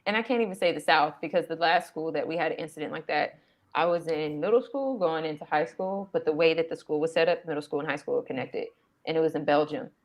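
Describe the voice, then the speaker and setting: Middle-aged mom, deep voice, blunt and emphatic, just chatting. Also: female voice, fast talker. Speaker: mother and co-host. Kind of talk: casual chat.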